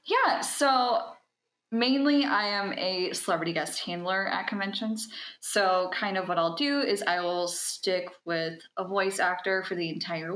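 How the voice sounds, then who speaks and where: A woman's voice: on the low side, echoey room, low-quality recording. A young woman talking as a podcast guest, telling enthusiastically about her convention work, with frequent ums. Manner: animated and enthusiastic, with filler ums. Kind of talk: casual interview chat.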